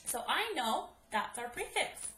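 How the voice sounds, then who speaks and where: Bright high-voiced woman teaching spelling. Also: very animated. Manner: slow, clear, instructive, sounding out syllables. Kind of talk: spelling lesson for children. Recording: echoey room, faint noise.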